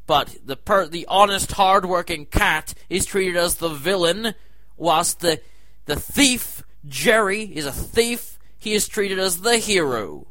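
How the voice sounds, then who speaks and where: A man hosting a comedy segment, ranting in disbelief with sudden loud outbursts. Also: high-pitched, expressive, slow pace, no echo. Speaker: comedy show host. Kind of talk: comic rant to camera.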